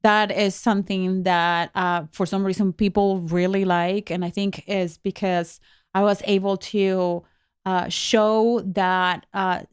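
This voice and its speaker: A woman whose first language is Spanish talks through her podcast findings in an earnest, candid way, often restarting her sentences. Her voice is smooth and clear, at a middle pitch. The sound is dry and close, with no room echo. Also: flat delivery, slow pace. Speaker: podcast co-host. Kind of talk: casual podcast chat.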